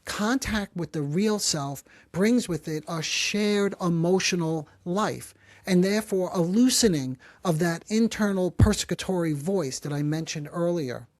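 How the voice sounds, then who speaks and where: A man hosting a psychology podcast, who explains calmly and gently and slows down to stress key phrases. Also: high-pitched, dry recording. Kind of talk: calm explanatory talk.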